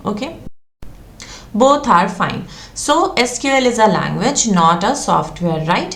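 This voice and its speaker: A woman's voice: medium pitch, lively intonation, a little slow, reverberant. A woman, explaining a database lesson patiently and checking in with her listeners often. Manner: patient, checks in with "okay?" and "right?". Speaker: SQL course instructor.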